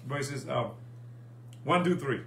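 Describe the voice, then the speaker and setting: A man's voice: mid-range voice, takes it slowly. A man preaching a sermon in a rhythmic, repeating call-and-response style, recorded in an echoey church with a faint hum. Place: church sanctuary.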